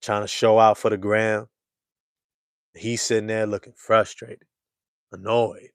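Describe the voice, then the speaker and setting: A man hosting a casual basketball fan show, talking to his live chat in animated slang and repeating lines for emphasis. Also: unhurried, dry recording, clean studio sound. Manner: animated storyteller, swings from loud hype to low murmur. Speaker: sports show host.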